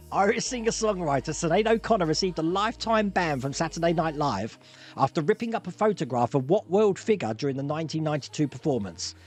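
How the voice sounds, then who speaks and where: A man hosting a live-streamed pub quiz, jokey and quick to laugh as he reads out multiple-choice options. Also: on the high side, lively intonation, faint music behind. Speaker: quiz host.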